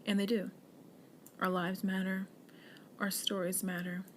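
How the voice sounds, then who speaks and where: Young woman podcast host from the US, mid-pitched, slow and earnest, slips into soft near-whispers. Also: monotone, slight background noise. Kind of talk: solo podcast monologue with affirmations.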